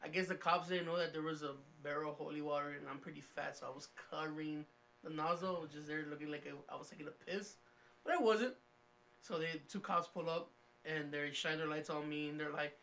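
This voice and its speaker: Brief: high, light male voice, casual podcast co-host, animated storyteller. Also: fairly quick. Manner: animated, loud when acting out his story. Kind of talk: casual storytelling among friends.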